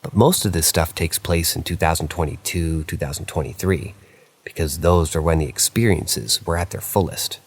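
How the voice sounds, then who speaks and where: A man with a very deep voice reading horror stories aloud. His delivery is casual and conversational, and he sometimes breaks in with offhand asides. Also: moderate pace, husky. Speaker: narrator.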